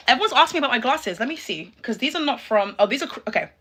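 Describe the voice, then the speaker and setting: A woman's voice: a little high, lively intonation, quick pace, sharp tone, husky. A young woman doing casual reaction commentary, sassy and exclaiming, talking straight to her viewers. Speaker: YouTuber reacting to a video.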